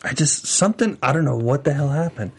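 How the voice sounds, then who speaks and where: Guy cohosting a tv recap show, kinda high voice, opinionated and animated. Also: a little fast, husky. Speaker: co-host of a TV after-show. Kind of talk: casual chat reviewing an episode.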